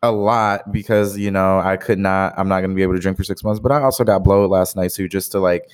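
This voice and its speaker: Young male podcast co-host, very low voice, casual rambling delivery. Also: fairly even intonation, fast, clean tone. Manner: rambling, heavy use of "like". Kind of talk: casual chat.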